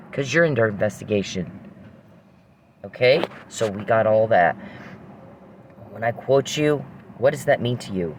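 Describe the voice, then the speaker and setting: A man's voice: mid-range voice, a little hiss or hum. A man in a confrontational rant, angrily accusing someone he addresses directly, swearing and firing rhetorical questions.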